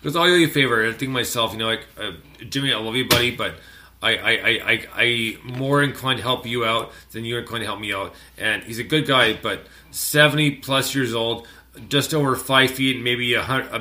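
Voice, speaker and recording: A man from Canada hosting a music radio show, chatting casually and telling a rambling story full of fillers and animated outbursts. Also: mid-range voice, brisk, slight background noise. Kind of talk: casual chat.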